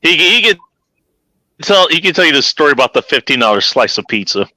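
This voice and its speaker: A man hosting a casual group chat, animated, laughing often and swearing freely. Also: fairly high pitch, a little fast, dry recording. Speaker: host.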